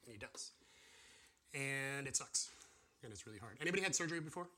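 A man teaching an informal sermon to a class, animated and acting out the voices of people and God. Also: mid-range voice, brisk. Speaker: pastor or church teacher.

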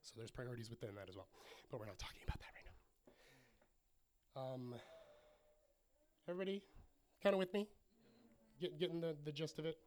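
Animated high-voiced male preacher. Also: brisk, pauses often, slight background noise. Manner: animated storytelling, acts out voices of the people in the story. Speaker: pastor. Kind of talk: sermon.

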